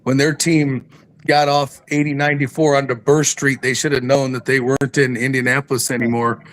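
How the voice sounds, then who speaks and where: A man's voice: medium pitch, level tone, brisk, fairly bright tone. An older man, a wrestling coach guest, telling old stories in casual conversation. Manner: reminiscing storyteller. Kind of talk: casual chat.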